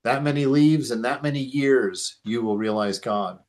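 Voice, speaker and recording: A calm old teacher speaks in a gentle, declaiming voice, as a man tells of him in a spiritual talk. He is wise and unhurried, and his words carry a slight lift of the voice. He reads as a figure from a teaching story. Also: mid-range voice, close to an everyday voice. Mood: solemn.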